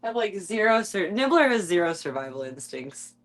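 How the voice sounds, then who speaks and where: A woman's voice: medium pitch, sing-song, moderate pace. A young woman streamer chatting casually and cooing in baby talk at her kittens, often giggling. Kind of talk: casual chat with her cats.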